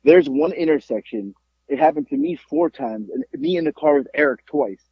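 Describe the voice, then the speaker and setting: A man from Florida, a podcast host, telling a profane story in a lively, repetitive way. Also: on the high side, normal speed, slightly rough, no room sound, highs cut off. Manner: animated, profane, repeats himself. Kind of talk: casual storytelling chat.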